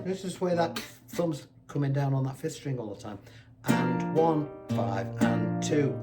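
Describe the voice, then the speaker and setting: A man's voice: medium pitch, expressive, a little fast. A man teaching a guitar lesson, chatty and reassuring, counting beats aloud as he plays. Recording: guitar playing loudly behind the voice.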